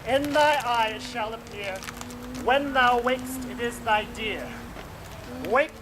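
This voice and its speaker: A woman playing a commanding male fairy king in a stage play, speaking verse in a stately, measured way. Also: on the high side. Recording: outdoor recording with clear noise.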